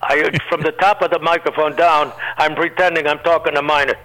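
An older man, a veteran comedian, tells stories in a high, bright voice. He rambles from one anecdote to the next and slips into quick put-on voices for the people in them. It sounds like a radio broadcast. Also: steady tone, rough recording. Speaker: guest comedian. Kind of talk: storytelling interview.

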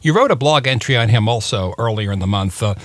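A man's voice: fairly low pitch, lively intonation, no echo. Radio host guy, chatty, cracks jokes, dry close sound. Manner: chatty, jokey, halting with fillers. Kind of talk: radio talk show interview.

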